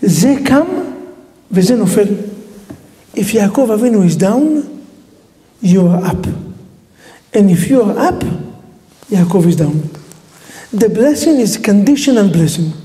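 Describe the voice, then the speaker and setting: A rabbi teaches a Torah class in lively storytelling fashion, firing questions at his listeners. He speaks non-native English sprinkled with Hebrew terms, in a warm, dark-toned voice. A long hall reverb trails his words. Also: sits high, unhurried, long pauses. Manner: animated storytelling, quizzing the audience with questions. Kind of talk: Torah lesson.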